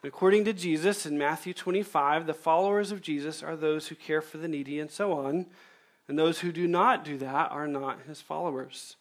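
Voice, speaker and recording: A male pastor preaching a sermon, emphatic and measured, repeating key phrases and slowing down to stress them. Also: on the high side.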